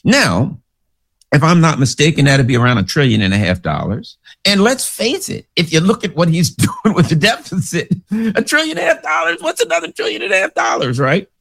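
A man's voice: on the high side, wildly swooping pitch, a little fast, vocal fry, a bit bright. A man giving casual, sarcastic political commentary, rambling through stories and asides.

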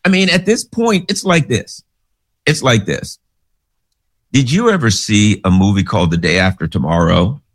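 Rambling, lively low-voiced male commentator. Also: normal speed. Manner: rambling, storytelling, sarcastic asides. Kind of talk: casual political commentary.

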